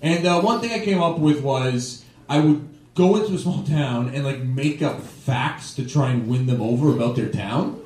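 A young male stand-up comedian from Toronto, Canada, performs on a comedy club stage with a mid-range, slightly mellow voice at a moderate pace. He rambles loosely, tagging lines with "right?" and "okay?", while the audience laughs. The live club recording sounds roomy and distant.

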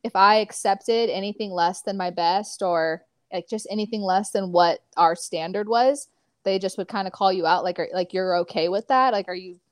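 A young woman from California talks through her memories as an interview guest, loose and chatty, leaning on "like" at every turn. Her voice sits at an ordinary middle pitch, and the recording is close and dry with no room sound. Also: normal speed, no echo. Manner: chatty, filler-heavy "like", animated storytelling. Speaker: athlete guest. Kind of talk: casual interview chat.

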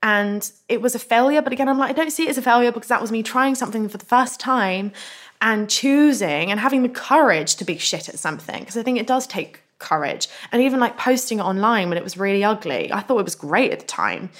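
A young woman, a guest in a casual interview, telling stories frankly, animated and swearing freely. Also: a little high, fast talker. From England.

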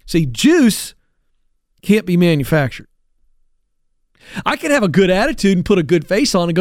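A man's voice: high-pitched, big pitch swings, brisk, dry recording, studio quality. A man hosting a career advice show, talking emphatically and with a coach-like push. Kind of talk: energetic talk-show monologue.

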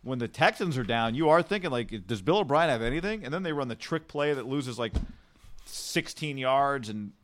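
Dude arguing football calls, quick and jumping in, mid-pitch everyday voice. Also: male voice, fairly bright tone. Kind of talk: casual sports chat.

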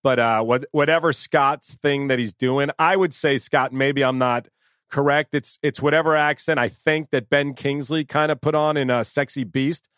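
A middle-aged man hosting a casual podcast chat, talking excitedly, repeating and restarting his words and laughing often. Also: mid-range voice, moderate pace, clear, resonant tone, no room sound, clean studio sound. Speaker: podcast host.

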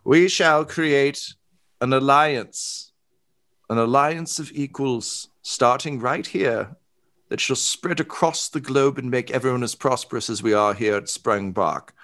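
A man's voice: mid-range voice, a little slow, fairly bright tone, pitched above the performer's own voice, natural voice. A man voicing a haughty female familiar inside a hollow suit of armor, regal and entitled. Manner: imperious, entitled complaining.

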